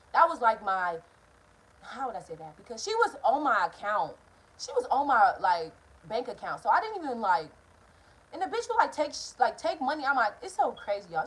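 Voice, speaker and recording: A young woman vlogger telling a storytime tale to her viewers in a casual, animated, profane way, speaking straight to them. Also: a little high, rough recording. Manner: acts out quoted people in changed voices.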